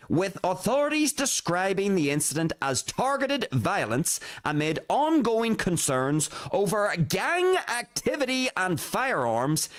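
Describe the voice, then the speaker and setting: Lively solo podcast host reading news. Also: medium pitch. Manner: reads a news summary aloud, then comments with exclamations; laughs between serious remarks.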